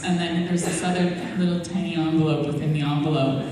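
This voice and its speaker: A woman at a convention panel, telling lively anecdotes and acting out the voices of the people in them. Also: low voice, brisk, a crowd in the background. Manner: animated storyteller, acting out quoted voices. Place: large convention hall. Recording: echoey hall recorded from far off.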